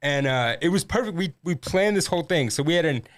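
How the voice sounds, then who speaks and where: Young guy cracking himself up telling a crude story, kinda high voice. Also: lively intonation, a little fast. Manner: laughs through his story, crude slang. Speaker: podcast guest, former Paralympic athlete. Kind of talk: casual comedic storytelling.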